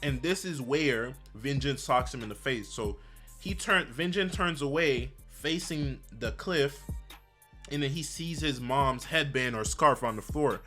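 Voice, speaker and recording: A man with a bright, ringing voice talks through a comic chapter in a loose, slangy way. He tells the story with animated energy. Soft music plays faintly underneath. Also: medium pitch, unhurried. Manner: animated, slangy storytelling, frequent "bro" and "basically". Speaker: manhwa recap YouTuber. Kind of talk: casual chapter recap.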